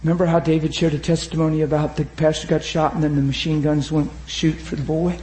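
Man, preacher, high voice, impassioned sermon, shouts then hushes, rallies the congregation. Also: level tone, fast, echoey room, slight background noise. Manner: swings from shouting to low, hushed retelling; urges the crowd with repeated calls of "come on".

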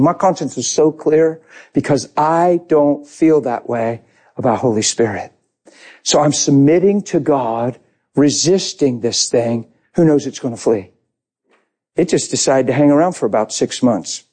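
A man's voice: mid-range voice, moderate pace, mellow, breathy edge. A man preaching a sermon, telling his own story with passion and acting out his prayers.

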